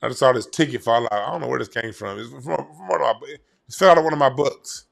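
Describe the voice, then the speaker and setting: A man's voice: mid-range voice, quick pace, gravelly. A man giving blunt, profane, rambling commentary on a casual vlog. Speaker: YouTube commentator.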